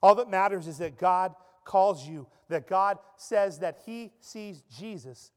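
A man preaching a sermon as pastor, dramatic, swinging from loud emphasis to a soft hush. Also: sits high, slow pace. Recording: long reverb of a large hall.

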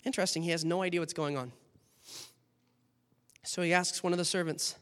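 Male preacher, high voice, animated storytelling sermon, long hall reverb. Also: brisk, long pauses, clean tone. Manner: animated storytelling, acting out scenes.

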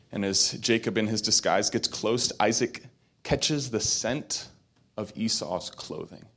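A man's voice: mid-range voice, moderate pace, fairly bright tone. A man preaching a sermon, retelling a story with acted quotes and building to emphatic peaks. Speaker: pastor.

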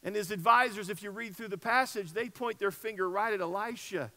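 A man preaches a sermon in a church sanctuary, retelling the story in a relaxed, conversational way and leaning on repeated phrases for emphasis. His voice sits high and sounds bright. A long hall reverb trails behind his words. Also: fairly quick. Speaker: pastor.

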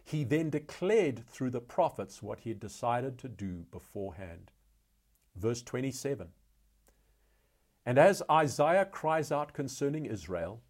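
A man teaching a Bible study in a measured, deliberate way, reading scripture passages aloud and explaining them. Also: medium pitch, very animated, darkish tone.

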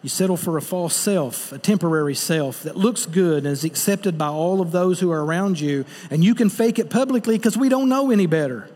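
A man's voice: high-pitched, fairly quick, hardly any pauses, darkish tone, long reverb tail. A man preaching a sermon as pastor, earnest and direct, putting rhetorical questions to the congregation.

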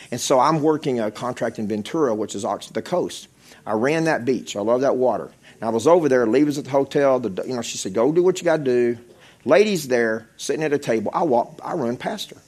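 A man's voice: mid-range voice, darkish tone, breathy edge. A middle-aged man preaching a testimony sermon, telling stories in a conversational way and repeating phrases.

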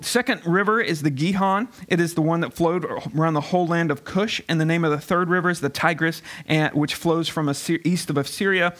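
A man's voice: on the high side, a bit bright. A man preaching a conversational sermon, often putting questions to the congregation. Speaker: pastor.

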